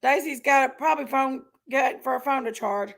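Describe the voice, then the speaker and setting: A woman's voice: high-pitched, moderate pace, vocal fry. A woman hosting a casual livestream, chatting and reading out viewers' names with frequent laughs. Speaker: livestream host.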